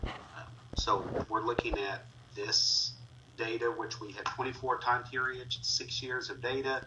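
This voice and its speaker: A man's voice: medium pitch, little pitch movement, a little slow. A man teaching a class, talking through each step of a screen-recorded spreadsheet tutorial with frequent fillers as he clicks along. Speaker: instructor. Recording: distant mic with faint noise.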